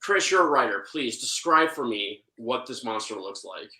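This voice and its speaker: Sarcastic man with a bright, echoey voice. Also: medium pitch, animated, normal speed. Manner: mock-serious, dry sarcasm. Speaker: co-host film reviewer. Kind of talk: sarcastic plot recap in a casual podcast chat.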